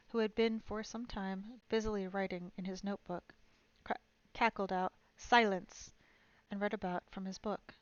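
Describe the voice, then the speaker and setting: A woman's voice: mid-range voice, dry recording. Woman narrating a storybook, lo-fi audio. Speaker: streamer reading aloud. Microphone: streaming mic. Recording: dull lo-fi stream audio.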